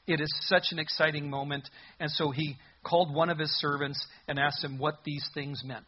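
A male pastor preaches a sermon in a husky, somewhat high voice, lively and animated, acting out the voices in the passage. He speaks at normal speed with few pauses. The recording is a little dull and muffled.

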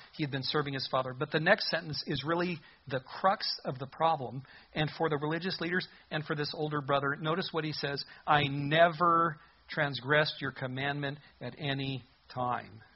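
The recording is somewhat muffled and dull, capturing a pastor preaching animatedly. He has a husky, fairly high voice and performs the different voices in the passage as he goes.

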